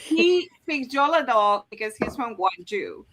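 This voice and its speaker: Over crowd noise, a female live-streamer chats casually about Korean dialects, her explanations full of fillers and restarts. She speaks at a measured pace in a sing-song voice on the high side.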